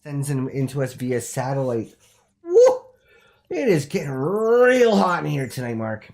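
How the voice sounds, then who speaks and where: Animated, theatrical male show host. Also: mid-range voice, moderate pace, vocal fry. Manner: theatrical, exaggerated announcer delivery. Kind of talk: comedic call-in show.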